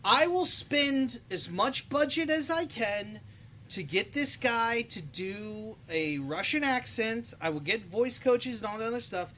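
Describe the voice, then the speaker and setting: A man co-hosting a casual podcast, talking about movies in an animated, opinionated way and swearing freely. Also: extremely high pitch, measured pace, a little hiss or hum. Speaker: podcast co-host.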